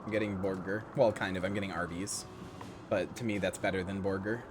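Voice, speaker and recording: A man's voice: sits low, steady tone, a little fast, background noise. A man chatting casually to his live-stream viewers while he plays a game, rambling, swearing freely and laughing at himself.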